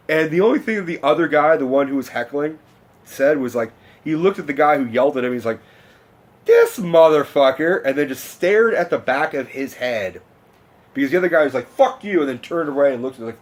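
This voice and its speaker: Young guy, slightly high-pitched, ranting a long story to camera, fast and profane. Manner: excitable, profane, rambling. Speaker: vlogger. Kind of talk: casual storytelling rant.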